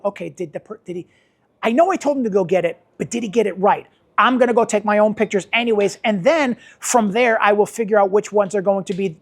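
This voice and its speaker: A middle-aged man, a wedding photographer, teaching a workshop in an informal, rambling way, repeating words for emphasis. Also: sits high. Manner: rambling with many restarts.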